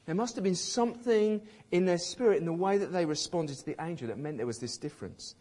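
A man preaching a sermon in a conversational, emphatic way, with a slightly husky voice, acting out quotes with light humour. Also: sits high, quick pace, mellow.

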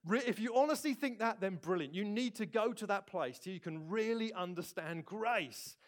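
A man preaching a sermon, swinging between loud bursts and quiet, low asides. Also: animated, moderate pace. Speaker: pastor.

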